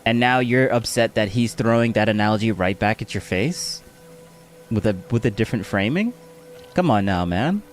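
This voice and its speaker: A man's voice: lowish voice, expressive, moderate pace, faint music behind. A man streaming his reactions to debate clips, mocking and laughing as he argues back. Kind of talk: casual reaction commentary.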